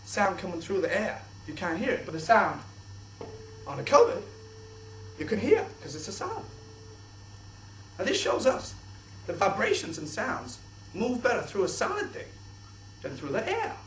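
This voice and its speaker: A young man presenting a kids' science show in an exaggerated, excitable host voice. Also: high-pitched, moderate pace, pauses often, slight background noise. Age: young adult. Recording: echoey room, distant mic.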